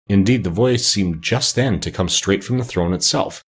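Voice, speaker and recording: A man narrating a storybook in an expressive, measured reading. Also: sits low, husky.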